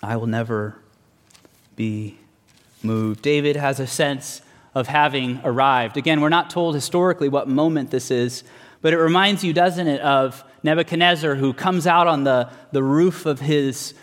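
A man preaching a sermon in an earnest, measured way, slowing down to stress key words. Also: a little high. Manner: earnest, measured, slows for emphasis. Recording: long hall reverb.

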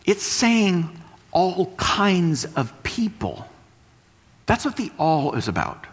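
High-sitting and gravelly with a husky edge, this West Texas preacher's voice swings widely in pitch as he speaks slowly. His teaching is emphatic, with points explained and restated, all heard through long hall reverb.

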